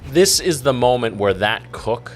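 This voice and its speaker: Male chef host, casual reaction chat, laid-back, swears a lot, animated. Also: mid-range voice, unhurried, faint music behind. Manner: laid-back, swears freely, laughs often.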